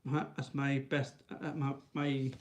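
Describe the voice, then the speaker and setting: A man's voice: level tone, a little slow. A man rambling to camera in a casual vlog, restarting often and tagging lines with "right?". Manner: high sing-song baby talk to his dog. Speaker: vlogger.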